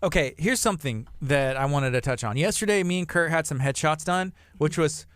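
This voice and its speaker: A man's voice: fairly high pitch, brisk, smooth, dry recording. A man with a Texan accent hosting a radio show, easygoing and friendly, laughing along with guests. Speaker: radio host. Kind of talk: casual radio talk.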